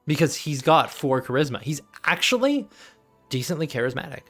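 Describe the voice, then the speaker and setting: A man's voice: a little high, very animated, moderate pace, fairly bright tone. Guy gm-ing a tabletop game, rambly, lots of uhs, faint music. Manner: rambling, filler-heavy, laughs often. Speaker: game master.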